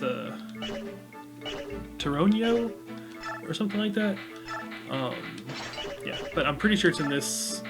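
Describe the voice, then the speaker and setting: A man's voice: a little high, vocal fry. Rambling, distracted let's-play man. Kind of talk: casual gameplay commentary.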